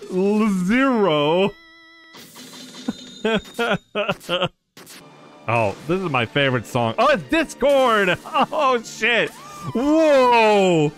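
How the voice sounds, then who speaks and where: A man giving casual live commentary while streaming a game, excitable and quick to laugh, swearing often and reacting loudly to surprises. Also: high voice, soft background music. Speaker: streamer playing a modded platform game.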